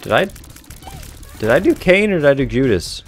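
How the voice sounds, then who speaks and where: A man's voice: medium pitch, very animated, moderate pace, faint music behind. A young man casually commenting on his own gameplay, rambling, correcting himself and laughing often, on a headset mic. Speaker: gaming video host.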